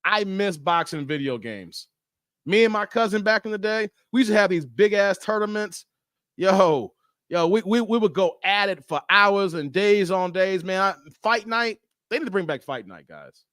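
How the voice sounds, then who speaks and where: A man with a fairly high voice hosts a casual live stream. He jokes with his chat in a loose, rambling way and laughs often. The sound is dry and close. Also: lively intonation, normal speed, fairly bright tone, no echo. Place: Las Vegas.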